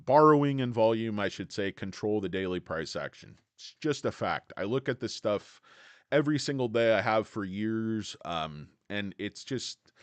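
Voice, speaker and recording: A man's voice: lowish voice, smooth, no echo. A man hosting a casual stock livestream, talking bluntly and joking with chat viewers between points. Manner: blunt, brash, jokey, greets chat viewers. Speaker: livestream host.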